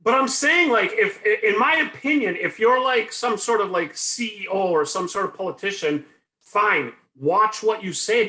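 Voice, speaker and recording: A man's voice: on the high side, pushed and bright. A man co-hosting a podcast, talking loosely with many fillers in casual chat. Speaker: co-host. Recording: echoey room.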